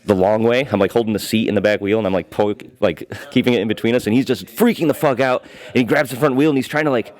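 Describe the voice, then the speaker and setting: A man who is a guest comedian, telling crude stories in a casual chat and shouting out the lines he quotes. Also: mid-range voice, fast, few pauses.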